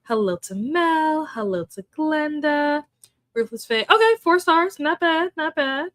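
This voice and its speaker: A young woman chats casually on her livestream and greets viewers by name. Her voice sits a little high. She laughs often, and the sound is close and dry with little room around it. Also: expressive, measured pace, a bit bright, dry recording, soft background music. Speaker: livestream host. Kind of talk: casual chat with live chat readers.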